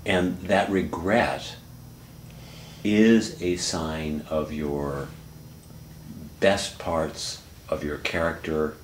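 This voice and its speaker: A man counseling someone in a calm, reflective, coaching way. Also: very deep voice, extremely slow, long pauses, roomy sound, a little hiss or hum. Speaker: therapist and teacher. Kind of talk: counseling dialogue.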